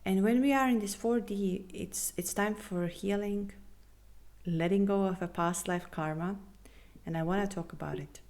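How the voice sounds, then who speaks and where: A woman hosting a spiritual podcast, talking earnestly and reassuringly with non-native phrasing, sometimes dropping to a soft half-whisper. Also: mid-range voice, moderate pace. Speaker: podcast host and spiritual coach. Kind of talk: casual podcast monologue.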